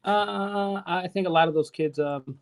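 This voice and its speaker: A man's voice: high-pitched, measured pace. A man co-hosting a podcast in casual chat, talking in a rambling way and correcting himself as he goes. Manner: rambling and chatty, self-correcting. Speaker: podcast co-host.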